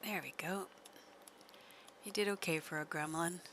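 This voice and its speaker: A woman's voice: on the low side, steady tone, moderate pace, fairly bright tone, a little hiss or hum. A woman streamer giving chatty live gameplay commentary, laughing often and coaxing her horse along.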